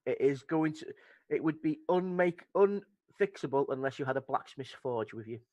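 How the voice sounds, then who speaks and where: A man narrating a tabletop game as game master, describing scenes in a relaxed way. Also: medium pitch, moderate pace, dull audio.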